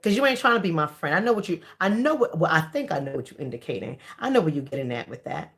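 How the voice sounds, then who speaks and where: A woman's voice: mid-range voice, very animated, fast talker, few pauses, a bit bright. A woman, telling a candid story in a casual monologue and repeating lines for emphasis. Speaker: vlogger.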